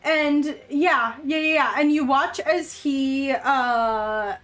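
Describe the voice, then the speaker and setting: A high-voiced woman runs a tabletop game as its game master. She narrates at an unhurried pace, filling pauses with ums. She gets bursts of excitement at good dice rolls.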